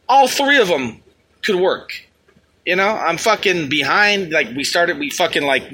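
A man's voice: on the high side, pushed and bright. A man hosting a podcast, ranting in a crude, rambling, heavily profane comic style. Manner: crude, rambling, heavy swearing. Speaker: podcast host. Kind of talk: casual profane comic rant.

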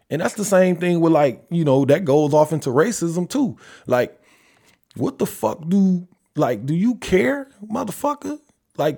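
A man's voice: medium pitch, dark tone. Blunt, profane man ranting on a podcast. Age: adult father. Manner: conversational, rhetorical questions. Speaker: podcast host. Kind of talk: solo opinion monologue.

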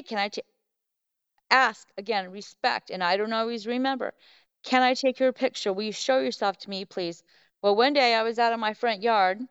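A woman's voice: fairly high pitch, fairly bright tone, clear, resonant tone, dry recording, lo-fi sound. A middle-aged woman, a podcast guest, telling a story in a rambling way full of fillers and restarts. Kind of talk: casual storytelling.

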